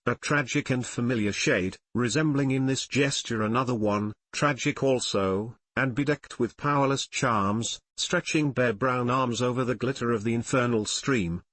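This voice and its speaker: A man reading the lines of a grieving young woman in an audiobook, hushed and mournful with emphatic repetitions. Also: mid-range voice, dry recording.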